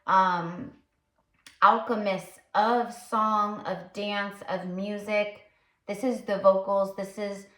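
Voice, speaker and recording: A woman who works as a psychic tarot reader talks casually while channeling, rambling and using plenty of fillers. Her mid-range, slightly bright voice moves slowly with little pitch change, and the recording has a roomy echo.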